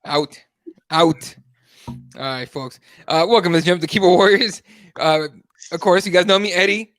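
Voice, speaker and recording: A man hosts a casual podcast, talking bluntly and swearing as he goes. His voice sits high and sounds bright and cutting. The sound is dry and close to the mic. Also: moderate pace, no room sound, soft background music. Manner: blunt, profane, animated. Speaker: podcast host.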